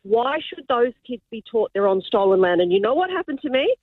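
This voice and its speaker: A woman's voice: fairly high pitch, very animated, a little fast, dry recording. Indignant Australian woman on phone line. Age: older. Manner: indignant, emphatic. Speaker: caller, casual teacher. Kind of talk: talkback call.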